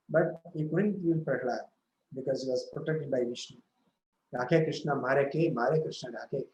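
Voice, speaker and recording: A man giving a devotional scripture talk, retelling a story slowly with frequent self-corrections. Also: on the high side, echoey room, slight background noise, rough recording. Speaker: scripture speaker.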